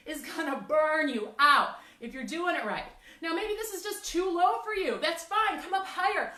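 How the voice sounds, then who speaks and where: A high-pitched woman coaches a standing workout, upbeat and encouraging as she counts down each set, slightly winded. Her voice bounces around an echoey room. She sounds set back from the mic. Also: distant mic. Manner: energetic, encouraging, counts down reps. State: a little out of breath. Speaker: fitness instructor.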